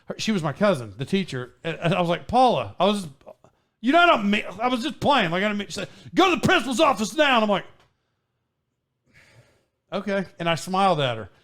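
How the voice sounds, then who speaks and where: A man hosting a podcast, telling a story in a casual, animated way with frequent laughs and restarts. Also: sits high, fairly quick, long pauses. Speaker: podcast host.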